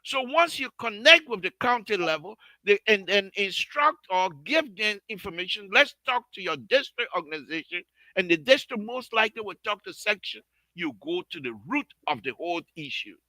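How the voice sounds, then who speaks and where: A man hosting a heated radio call-in debate, animated and repeating himself when he gives ground. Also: high-pitched, moderate pace, dry recording, poor audio. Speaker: radio show host.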